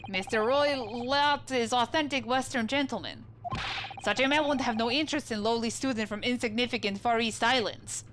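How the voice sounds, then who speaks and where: Woman doing a gruff sailor guard in broken English. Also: mid-range voice, normal speed, few pauses, background noise, close to an everyday voice. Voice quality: broken English, blunt and hostile.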